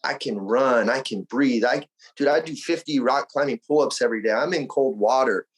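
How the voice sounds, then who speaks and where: A man's voice: medium pitch, normal speed, husky, poor audio. A man from Arizona, a podcast guest, talking in an emphatic, slangy and upbeat motivational way. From Arizona, USA. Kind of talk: casual conversational interview.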